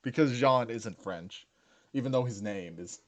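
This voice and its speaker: A man's voice: mid-range voice, unhurried. A young man chatting casually as he rewatches his own series, stammering, restarting and laughing easily.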